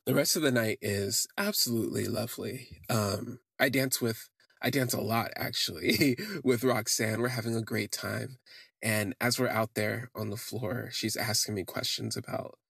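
Gravelly low-voiced man telling a personal story. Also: fairly even intonation, moderate pace, a bit bright, dry recording, studio quality. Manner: rambling, with frequent "like" fillers. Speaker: podcast host.

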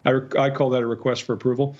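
Brisk man analyzing body language. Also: medium pitch, flat delivery, a little mellow. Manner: explains briskly, points out details. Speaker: body language expert guest. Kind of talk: analytical commentary on video. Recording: dull lo-fi remote audio.

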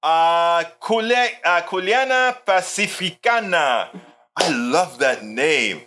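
A man's voice: fairly high pitch, animated, slow, pushed and bright, faint music behind. A man hosting a livestream, reading viewer comments aloud and answering them in emphatic, casual political commentary, often repeating himself. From Hawaii.

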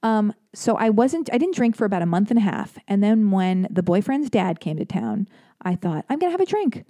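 A woman's voice: mid-range voice, animated, moderate pace, warm tone, no room sound, studio quality. A woman hosting a podcast, talking casually in a rambling, self-deprecating way with lots of fillers and joking asides. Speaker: podcast host. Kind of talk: casual personal monologue.

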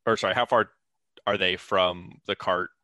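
A man's voice: low voice, fairly even intonation, normal speed, sharp tone, no echo. A young man talking as a player in a tabletop game, hesitant with many fillers.

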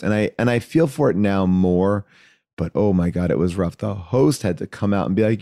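Animated storytelling man, low voice. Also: fairly quick, no room sound, studio quality. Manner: animated, acts out voices in his anecdotes; loose and rambling, many fillers and restarts. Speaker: podcast guest, actor and comedian. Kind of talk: casual storytelling chat.

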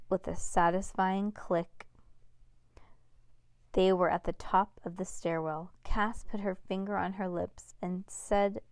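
Woman reading a children's book aloud, relaxed, dry close mic. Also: on the low side, clean tone, dry recording. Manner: relaxed, with small asides and restarts.

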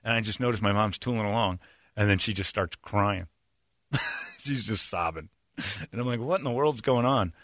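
A man's voice: fairly low pitch, normal speed, pauses often, no room sound, clean studio sound. A man hosting a casual chat, telling road-trip stories with lots of laughter and acted-out voices. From West Virginia. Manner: animated storyteller, laughs often, acts out voices. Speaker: podcast host.

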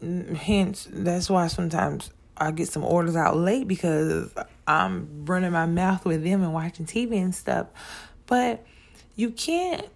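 A woman's voice: fairly low pitch, measured pace, gravelly, a little mellow. A woman hosting her own podcast, talking casually and straight to her listeners, often repeating words as she goes. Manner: chatty, repeats words and restarts, addresses listeners as y'all. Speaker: podcast host. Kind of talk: casual monologue.

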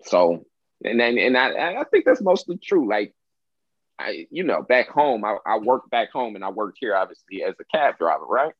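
A man's voice: on the low side, sing-song, moderate pace, breathy edge, dry recording, dull audio. A man co-hosting a casual chat, telling stories with acted-out quotes, swearing freely and laughing often. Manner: storytelling, acts out quotes, profane, laughs a lot.

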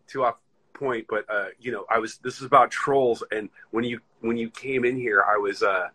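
A man's voice: medium pitch, fairly even intonation, moderate pace, sharp tone, husky, rough recording. An American man hosting a casual chat, telling a rambling story and acting out the voices of the people in it. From United States.

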